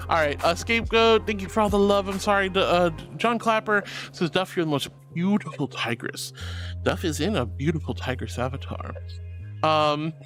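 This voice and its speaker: A woman's voice: medium pitch, fairly bright tone. A woman streamer chatting casually with her live chat, reading messages aloud with playful mock indignation. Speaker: VTuber streamer.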